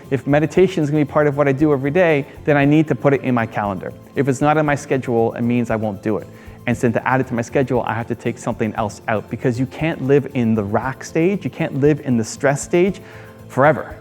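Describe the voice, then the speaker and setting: A man's voice: mid-range voice, quick pace, a little mellow, faint music behind. A man hosting his own channel, giving an earnest motivational monologue that repeats key phrases and asks rhetorical questions. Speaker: channel host.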